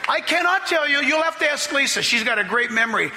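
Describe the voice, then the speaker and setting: A man preaches from the pulpit, spinning a lively story and voicing the people in it. His voice sits high and sounds bright, with a gravelly edge. The sound carries a long echo from a large church hall, with faint room noise behind it. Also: quick pace, a faint crowd. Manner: storytelling, animated, acts out quotes with laughs. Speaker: pastor. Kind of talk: sermon.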